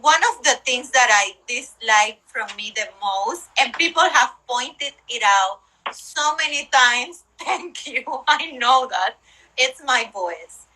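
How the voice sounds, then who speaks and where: Bright nasal woman, chatty. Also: on the high side, takes it slowly, poor audio. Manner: chatty, animated, laughs often. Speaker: co-host, literature teacher. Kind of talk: casual chat.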